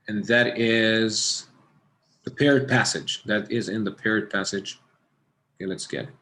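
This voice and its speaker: A man's voice: on the low side, unhurried, sharp tone. A man with an Egyptian accent teaching an online test-prep class, encouraging and reading out students' answers. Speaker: SAT tutor.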